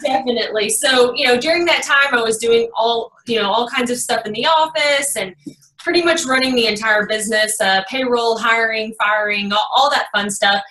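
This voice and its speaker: A woman's voice: fairly high pitch, moderate pace, sharp tone, reverberant, recorded from a distance, rough recording. A woman in her thirties from Texas with a Texas twang, chatting as a guest in a casual interview with a folksy manner and plenty of fillers.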